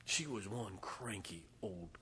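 Bright-voiced man preaching a story. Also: fairly low pitch, slow pace. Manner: animated storytelling with loud bursts and soft asides. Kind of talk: sermon.

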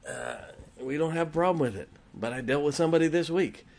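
A man's voice: fairly high pitch, fast talker, a little mellow. A man preaching a sermon to a congregation, blunt and emphatic, hammering his points in short lists and often breaking into a chuckle. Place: church before a congregation.

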